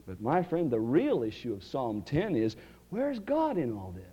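A male pastor preaching a sermon in a church, swinging from loud, rising cries to hushed, quiet lines. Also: medium pitch, huge pitch swings, normal speed, breathy edge, poor audio.

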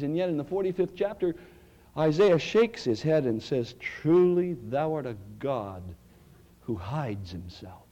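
A male pastor preaching a sermon in a church, swinging from loud, rising cries to hushed, quiet lines. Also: mid-range voice, muffled recording.

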